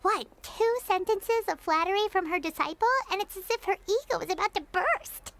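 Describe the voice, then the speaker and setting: A woman voicing Paimon, a tiny greedy fairy companion in a game who talks about herself in third person in a high cartoonish voice. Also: fairly quick, fairly bright tone, a little hiss or hum. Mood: teasing. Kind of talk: game voice acting.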